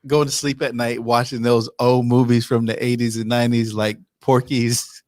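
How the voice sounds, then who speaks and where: A man's voice: medium pitch, flat delivery, normal speed, no room sound, studio quality. Laid-back laughing male co-host. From North Carolina. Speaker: podcast co-host. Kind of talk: casual chat.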